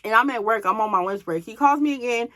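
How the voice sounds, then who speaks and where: A woman's voice: on the high side, bright, forceful tone. Chatty young woman telling a story. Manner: chatty, addresses viewers as y'all; dismissive drawn-out asides. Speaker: storyteller vlogger. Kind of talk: casual storytime monologue.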